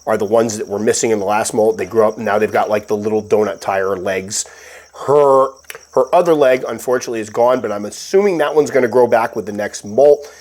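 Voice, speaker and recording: A man with a slightly stuffy voice, calmly narrating a casual update about caring for his pet tarantula. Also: lowish voice, fairly quick. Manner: calm, explanatory, patient. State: stuffy, recovering from illness. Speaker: tarantula keeper and channel host.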